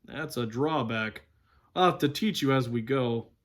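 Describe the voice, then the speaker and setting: A man's voice: medium pitch, measured pace, close to an everyday voice. A man voicing a proud, stern talking male war horse in a storybook read-aloud, lofty and scornful of humans.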